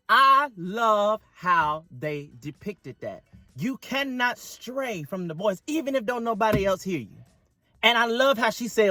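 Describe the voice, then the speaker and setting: A man reviewing a movie in a lively, dramatic storytelling way. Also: high voice, normal speed, no echo, soft background music. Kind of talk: casual video review.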